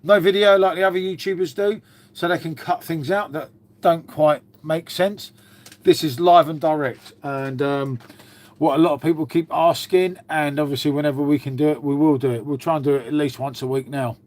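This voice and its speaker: A man hosts a casual livestream, chatting with viewers and swearing freely while he talks to his dog. His voice is a little high and a little mellow, with fairly even intonation and a moderate pace.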